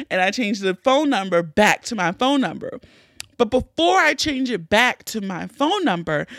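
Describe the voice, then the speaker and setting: A woman hosting a podcast, telling a personal story in a candid, animated way with plenty of swearing. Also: medium pitch, no echo, studio quality. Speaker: podcast host. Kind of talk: casual storytelling.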